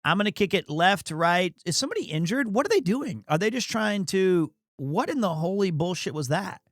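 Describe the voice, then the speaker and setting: A man riffs through casual sports commentary, rambling, crude and quick to mock himself. His voice sits notably high. The sound is dry and close, with no room echo. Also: very animated. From United States. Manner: rambling, crude, self-mocking. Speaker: streamer.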